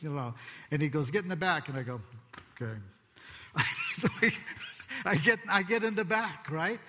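A male preacher tells a personal testimony in a big reverberant hall, his voice sitting a little high for a man. He acts out each quoted line and swings from hushed, slow reflection to quick, excited bursts. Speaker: pastor. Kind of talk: sermon testimony.

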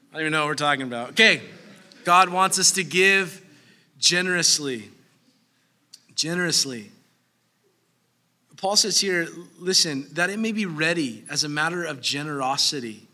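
A man in his thirties preaching a sermon as pastor, animated, breaking into acted asides. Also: on the high side, normal speed.

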